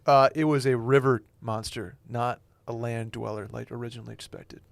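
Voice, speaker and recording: A man's voice: mid-range voice, fairly even intonation, normal speed, creaky, no room sound. A young man on a podcast, bringing news stories into the chat and stumbling a little. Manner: hesitant, stumbling. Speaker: podcast co-host reading news. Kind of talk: casual banter among friends.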